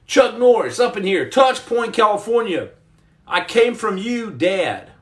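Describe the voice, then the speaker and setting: A man's voice: high voice, sing-song, a little slow, fairly bright tone, echoey room. A man hosting a comedic livestream, reading viewer comments and rambling through jokes with stammered restarts. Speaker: livestream host.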